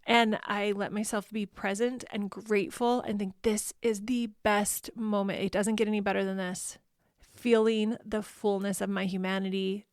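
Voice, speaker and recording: A woman's voice: medium pitch, gravelly, smooth, no room sound, studio quality. A woman hosting a parenting podcast, talking in an earnest, heartfelt way and now and then correcting herself. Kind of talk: reflective solo podcast monologue.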